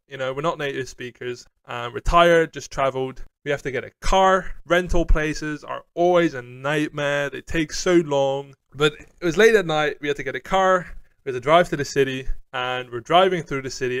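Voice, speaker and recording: A young man casually telling a personal story, animated and swearing, with quoted asides. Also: fairly high pitch, vocal fry. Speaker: storytelling streamer.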